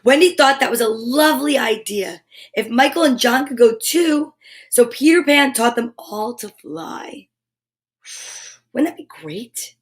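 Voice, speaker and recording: A woman's voice: on the high side, measured pace. A woman hosting a children's story time, reading a picture book aloud with enthusiastic, chatty asides. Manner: enthusiastic, chatty asides between read passages.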